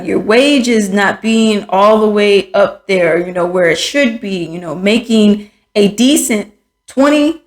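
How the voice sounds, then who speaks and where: A woman hosting a podcast, speaking frankly and with exasperation in casual commentary, with many fillers and restarts. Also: medium pitch. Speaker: podcast host. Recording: echoey room.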